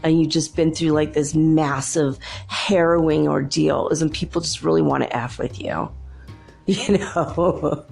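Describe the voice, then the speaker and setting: Low, gravelly-voiced woman telling stories. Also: measured pace, darkish tone, faint music behind. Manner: rambling, chatty, laughs often. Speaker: podcast host. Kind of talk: casual storytelling monologue.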